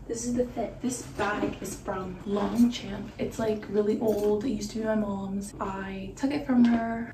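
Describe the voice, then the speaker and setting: A woman's voice: mid-range voice, distant mic. Chatty young woman, echoey room. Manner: chatty, rambling with lots of "like" fillers. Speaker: fashion vlogger. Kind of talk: casual outfit try-on vlog. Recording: roomy, echoey room from off the mic with noise.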